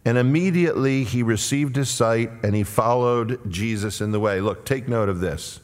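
A man preaching a sermon and telling the story dramatically, moving between loud cries and hushed tones. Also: medium pitch, moderate pace, few pauses. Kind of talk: expository sermon. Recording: long reverb of a large hall.

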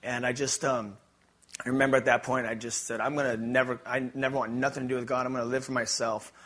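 A man from Los Angeles, USA, speaks fast in a medium-pitched, slightly bright voice with little pitch movement. He gives a candid personal testimony to an audience, rambling with many fillers and restarts.

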